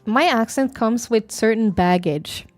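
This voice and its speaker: A woman's voice: on the high side, measured pace, no echo, faint music behind. Southern Swedish woman, casual streamer chat. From Sweden. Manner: chatty and musing, thinks aloud with fillers and soft laughs. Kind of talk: casual chat, reading chat aloud.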